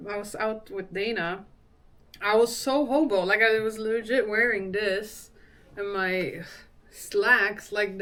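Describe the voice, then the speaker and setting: A woman's voice: mid-range voice, fairly bright tone. A young woman chatting casually on a live stream, telling a story with lots of fillers and laughter.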